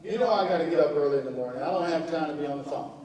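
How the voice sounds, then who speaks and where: A man's voice: a little high, rapid-fire, a crowd in the background, lightly acted. A man voicing his stubborn, nearly hundred-year-old uncle who grumbles about getting up early. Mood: grumpy. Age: nearly 100. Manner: grumbling, dismissive. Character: gruff near-centenarian uncle, stubborn. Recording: echoey hall from far off, with audience.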